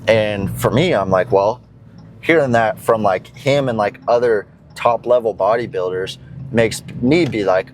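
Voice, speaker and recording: A man's voice: on the low side, unhurried, a little hiss or hum, low-quality recording. A young man casually chatting to his viewers in a fitness vlog, rambling with many fillers and casual swearing. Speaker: fitness vlogger.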